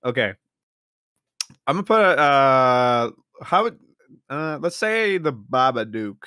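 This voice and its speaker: A young man chatting casually as a podcast co-host, his voice bright and his pitch leaping all over the place. He laughs a lot and breaks into high yelps when he acts out scenes. The sound is dry and close. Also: sing-song, takes it slowly, clear, resonant tone, no echo. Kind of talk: casual chat.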